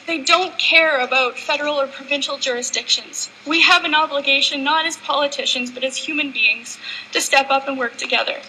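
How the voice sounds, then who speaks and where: A woman's voice: sits high, sharp tone, a little hiss or hum, low-quality recording. A woman legislator giving an earnest, impassioned formal speech in a legislative chamber. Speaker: provincial legislator.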